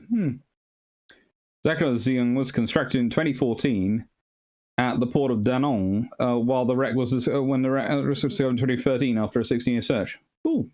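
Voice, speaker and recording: A tired man of middle pitch hosts a history livestream, rambling as he reads the chat aloud. He thanks viewers one by one in a loose, chatty sign-off. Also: a little mellow. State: tired, short on sleep. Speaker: naval history host and academic.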